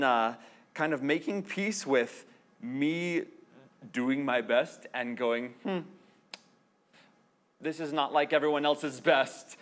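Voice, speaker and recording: Male stage comedian, high voice, unhurried delivery, confessional, loud piano and guitar behind. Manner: earnest, self-deprecating, confessional between songs. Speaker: musical comedian. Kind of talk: musical comedy set with sung songs and spoken banter. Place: live stage show with audience. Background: piano and guitar accompaniment.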